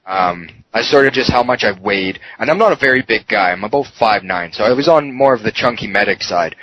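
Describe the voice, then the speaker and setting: Speaking a little fast in an expressive, lowish voice, a podcast guest recounts his story with raw emotion, frequent swearing and plenty of fillers. It's a candid personal interview, with muffled audio and faint noise.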